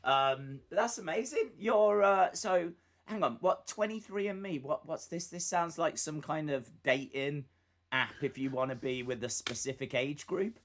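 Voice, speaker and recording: A man's voice: fairly high pitch, normal speed, a bit bright. A man with a British accent co-hosting a live stream, chatting casually in a playful, teasing way. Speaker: podcast co-host.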